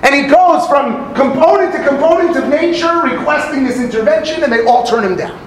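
A man's voice: very high voice, brisk, roomy sound, slight background noise, rough recording. A man giving a sermon on a Talmud story, telling it dramatically with acted quotes and Hebrew phrases. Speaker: rabbi teaching Talmud.

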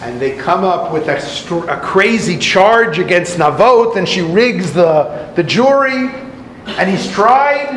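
A man's voice: sits high, expressive, moderate pace, fairly bright tone, reverberant, a little hiss or hum, low-quality recording. A man giving a talk, retelling an old story with dramatic flair and acting out the voices.

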